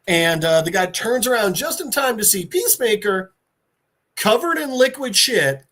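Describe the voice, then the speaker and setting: A man hosts a podcast and retells a comic issue in casual, animated chat. He laughs often and swears freely. His pitch moves up and down in a lively way. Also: normal speed. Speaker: podcast host.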